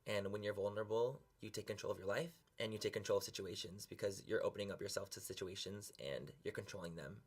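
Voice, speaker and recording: A man's voice: on the low side, fast talker, few pauses. Young man, earnest and emotional. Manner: earnest, openly emotional, swears casually. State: close to tears. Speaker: beauty vlogger. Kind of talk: emotional confessional vlog.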